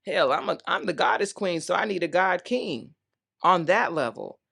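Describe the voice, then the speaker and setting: A woman's voice: on the low side, expressive, moderate pace, gravelly, fairly bright tone, slightly rough. A woman in her thirties hosting a talk show, talking candidly and playfully to her viewers. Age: 30s. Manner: candid, chatty, playful call-and-response. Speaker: host. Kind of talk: casual solo talk.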